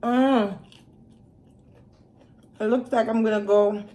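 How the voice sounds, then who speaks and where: A woman's voice: on the high side, fairly even intonation, slow, warm tone. A young adult woman, a mukbang vlogger, chatting casually while eating, with many savoring hums between her words. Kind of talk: casual eating vlog chat.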